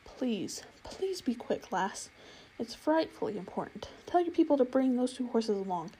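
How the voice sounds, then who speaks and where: A woman's voice: on the high side, sing-song, normal speed, dark tone, slight background noise. A woman voicing a determined young noblewoman in urgent, pleading hiding.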